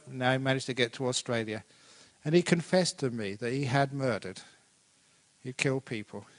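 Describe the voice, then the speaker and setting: A man teaches as a Buddhist monk in a relaxed, conversational dharma talk. He tells stories with animation and briefly puts on other people's voices. His voice sits in a middle register. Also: medium pitch. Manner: conversational, animated storytelling, acts out quoted voices.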